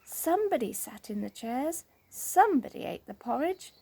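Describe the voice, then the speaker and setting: Woman, children's story read-aloud, expressive, high-ish voice, husky. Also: normal speed. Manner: expressive and animated.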